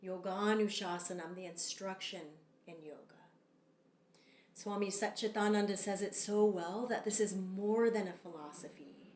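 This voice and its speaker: A woman teaching a yoga sutra lesson, speaking calmly and measured, leading chants. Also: medium pitch, reverberant, a little hiss or hum. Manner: calm, slow and measured, with long drawn-out chants. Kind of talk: Sanskrit sutra lesson with call-and-response chanting.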